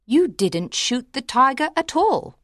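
A man voicing a sly, calm female companion who speaks quietly and deliberately, in a storybook reading. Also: very high-pitched, no room sound, clean studio sound, pitched above the performer's own voice, heavily acted. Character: sly, calm woman companion blackmailing her employer.

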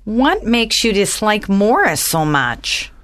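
A woman voicing a humble, soft-spoken widow in a dramatized audiobook, murmuring hesitantly. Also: medium pitch, sing-song, takes it slowly. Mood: soft, timid.

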